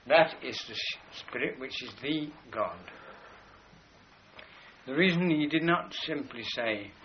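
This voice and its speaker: A man lecturing in a measured, explanatory manner, leaning on key words by slowing down. His voice sits at a middling pitch. The recording is dull and lo-fi, with a faint hiss and room sound behind him. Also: expressive. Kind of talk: spoken lecture with drawings.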